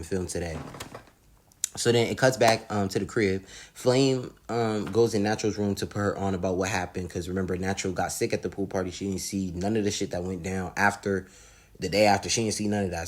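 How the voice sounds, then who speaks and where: A man casually recapping a reality show episode in slangy, animated talk, laughing often. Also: on the low side.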